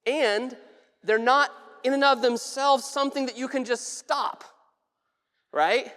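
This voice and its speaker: Direction: preach like a relaxed pastor chatting with the congregation. Keep it casual, drop in a light joke now and then, restart a phrase when you need to, and let the words ring out in a big church with a long echo. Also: sits high, slow. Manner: casual and humorous, with frequent restarts. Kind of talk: conversational sermon. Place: church sanctuary.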